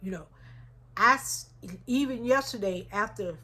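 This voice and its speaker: A woman's voice: medium pitch, lively intonation, measured pace, pushed and bright, slight background noise. Heartfelt woman vlogging. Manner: heartfelt, addresses viewers as y'all. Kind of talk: emotional casual chat to viewers.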